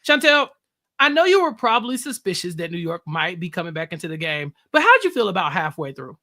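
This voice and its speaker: A man hosting a casual recap show, telling the story in an animated way and acting out what people said. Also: sits high, brisk. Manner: animated storytelling, acts out quotes. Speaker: podcast host.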